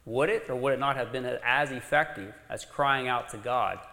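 A man preaching a sermon, telling a story with dramatic rises and sudden quiet drops. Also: medium pitch, normal speed. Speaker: pastor. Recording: long reverb of a large hall.

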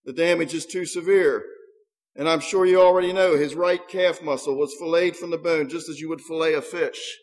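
Man doing a measured, matter-of-fact doctor, higher voice, long reverb. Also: steady tone, natural voice. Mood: grave. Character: calm male hospital doctor giving grave news.

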